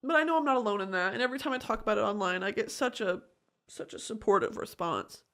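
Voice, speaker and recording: A woman's voice: medium pitch, quick pace, fairly bright tone. A woman hosting a podcast, talking in an earnest, emotional personal monologue. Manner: emotional, earnest, tearful at times. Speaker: podcast host.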